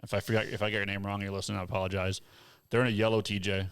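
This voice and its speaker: A man hosting a podcast, telling an animated off-road story in casual chat. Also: racing, gravelly, clean tone, dry recording. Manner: animated storyteller, acts out others in a high voice. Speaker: podcast host.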